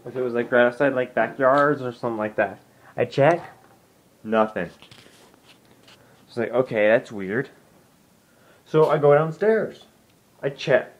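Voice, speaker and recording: A young man vlogging from his home, telling a ghost story in a loose, rambling way. He restarts his sentences often and acts out what people said to him. His voice sits at an ordinary middle pitch. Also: a little hiss or hum. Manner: rambling, with many restarts and "I'm like" asides. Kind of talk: casual storytelling to camera.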